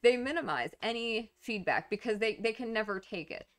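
A woman's voice: fairly high pitch, animated, brisk. A woman casually explaining a topic to camera in a conversational way, with fillers, restarts and small laughs. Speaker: YouTube commentator on narcissism.

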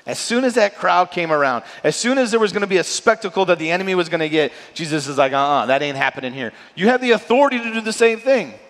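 A male pastor preaching a sermon in a lively, conversational way, often checking in with "right?". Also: a little high. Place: church sanctuary. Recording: long church hall reverb.

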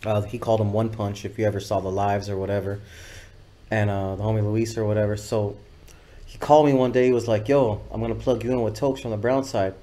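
A man's voice: lowish voice, fairly even intonation, a little fast, mellow. Profane, rambling male storyteller. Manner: loose and profane, acting out other voices in quotes. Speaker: guest videographer. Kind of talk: casual storytelling interview.

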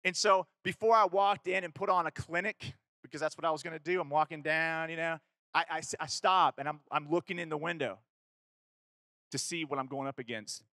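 Fairly high in pitch and fairly quick, this dry recording captures a man from Kentucky recounting something that happened to him for a youth crowd. He's an animated storyteller who performs the dialogue, casual and prone to fillers and self-corrections.

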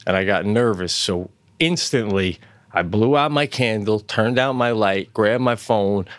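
A middle-aged man co-hosting a casual podcast chat, telling stories with loud acted-out quotes and plenty of swearing. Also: medium pitch, no echo. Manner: animated storyteller, acts out loud quotes, swears freely. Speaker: podcast co-host. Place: home studio.

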